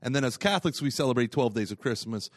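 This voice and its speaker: Brief: male podcast co-host, middle pitch, jokey, laughs easily, dry close mic. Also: lively intonation, quick pace, dry recording. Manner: jokey, laughs often, teasing. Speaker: podcast co-host, parish evangelization coordinator. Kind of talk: casual chat.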